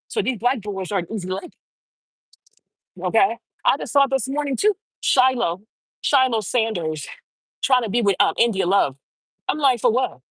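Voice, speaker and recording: A woman's voice: on the high side, breathy edge, no room sound, poor audio. A woman hosting her own show, delivering an opinionated commentary monologue in a blunt, emphatic way, firing off rhetorical questions. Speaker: show host.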